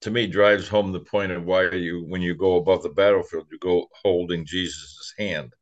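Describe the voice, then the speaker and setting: A man in a spiritual study group, quickly agreeing and talking in loose phrases. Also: sits low, fairly even intonation, dull audio. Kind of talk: casual group discussion.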